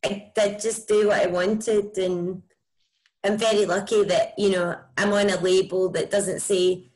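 A woman with a broad Scottish accent, a musician chatting casually and warmly about her music in an interview, with lots of "like" and "um". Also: medium pitch, flat delivery, unhurried, low-quality recording. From Scotland. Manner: chatty, enthusiastic, many likes and ums. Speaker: musician guest.

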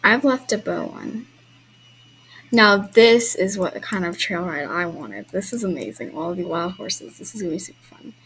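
A woman's voice: on the low side, animated, moderate pace, fairly bright tone, a little hiss or hum, rough recording. Chatty young woman narrating gameplay. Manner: chatty, giggly, apologetic asides to viewers. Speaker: game vlogger hosting a trail ride. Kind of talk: casual gameplay commentary.

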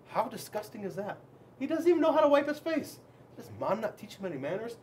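A man, a school resource officer, reading a children's book aloud in an animated, expressive way. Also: very high voice, normal speed.

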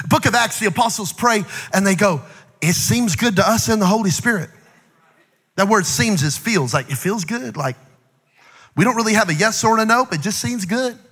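A male pastor preaching a lively sermon to a church congregation, mixing jokes and playful acted-out asides with rising, shouted exhortations. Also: sits high, breathy edge. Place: large church auditorium. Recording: long hall reverb.

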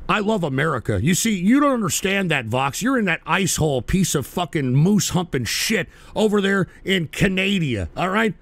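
A man hosting a call-in stream, ranting angrily and profanely, shouting in bursts. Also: high-pitched, very animated, moderate pace, few pauses. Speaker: radio show host.

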